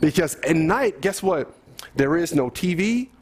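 A man's voice: fairly high pitch, lively intonation, unhurried, breathy edge. A man preaching a sermon as a pastor, talking in a conversational way with many rhetorical questions and rising to emphatic peaks.

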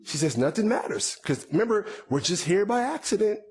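Preaching man, slightly high voice. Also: expressive, a little fast, darkish tone, slightly rough. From United States. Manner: conversational preaching with repetitions and asides. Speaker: pastor. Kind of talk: sermon.

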